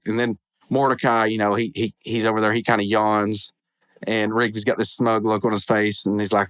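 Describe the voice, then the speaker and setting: Male podcast host, low voice, enthusiastic but rambling, stumbling and correcting himself, dry close sound. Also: moderate pace, smooth, no echo. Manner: rambling, many restarts and self-corrections; enthusiastic, animated retelling. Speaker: podcast host reviewing a cartoon. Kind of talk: casual episode review.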